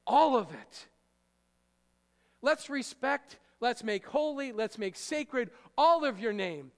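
A man preaching a sermon in a conversational way, joking with the congregation and hitting words with sudden loud emphasis. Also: very high-pitched, lively intonation, slow pace, clean tone. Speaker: pastor. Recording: long hall reverb.

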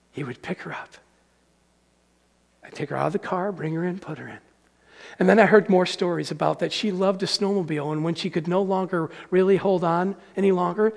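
A middle-aged man preaching in a church auditorium, with a voice set high for a man. It has a gravelly edge and a long hall reverb behind it. He moves between storytelling and acting out quoted voices. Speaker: pastor. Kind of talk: sermon.

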